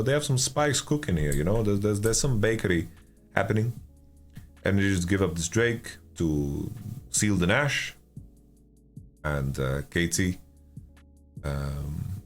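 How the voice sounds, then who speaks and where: A deep-voiced man gives casual esports commentary on a stream, sleepy and yawning as he speaks in a relaxed way. He stammers and restarts while answering chat, working as a caster and analyst.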